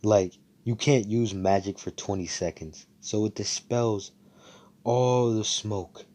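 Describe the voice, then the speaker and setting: A man with a very low voice tells a fan story in a loose, rambling way. He leans on fillers and swears freely as he goes. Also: slow, darkish tone. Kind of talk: casual fan-story narration.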